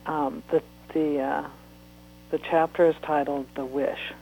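A woman author reading a chapter of her book aloud in steady, unhurried narration. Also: sits low, gravelly, breathy edge, lo-fi sound.

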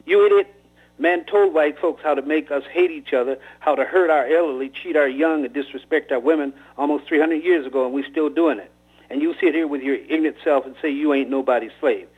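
A man's voice: a little high, brisk, breathy edge. A man doing a stern scolding old man. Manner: scolding, commanding. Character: stern angry old man lecturing two young robbers. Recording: tinny phone-like radio line.

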